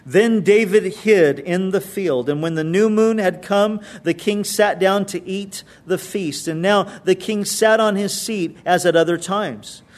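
A man's voice: high-pitched, a little slow, hardly any pauses. A male pastor reading scripture aloud and explaining it in a conversational sermon, with emphatic retellings.

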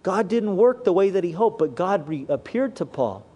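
Pastor, male, higher-pitched voice, earnest sermon delivery that slows and sinks when quoting scripture. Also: lively intonation, warm tone, dull audio.

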